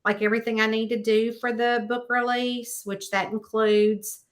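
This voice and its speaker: A woman author chatting in an interview, telling stories in an animated way with plenty of fillers like "um" and "you know.". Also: fairly high pitch, moderate pace. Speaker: guest author. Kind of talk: casual interview chat.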